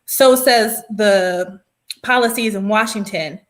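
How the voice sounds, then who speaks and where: A woman's voice: mid-range voice, takes it slowly. A woman co-hosting a casual political chat, with a voice in the middle range. She talks things through at length, loosely and conversationally. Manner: conversational, explains at length with fillers. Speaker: podcast co-host.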